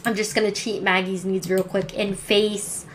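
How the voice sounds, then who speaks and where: A woman's voice: mid-range voice, level tone, moderate pace, slight background noise. A woman narrating her life-simulation game play in a chatty way, thinking aloud with many restarts. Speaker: gameplay narrator. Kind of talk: let's play commentary.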